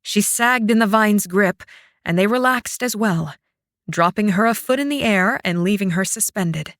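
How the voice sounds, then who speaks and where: A woman narrating a fantasy audiobook in a dramatic, expressive way. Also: medium pitch, normal speed, dry recording, clean studio sound.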